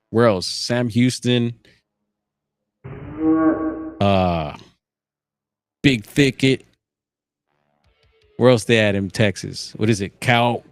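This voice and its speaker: A man hosting a casual livestream, reading reports aloud with relaxed, musing asides. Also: on the low side, dry recording. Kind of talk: casual live commentary.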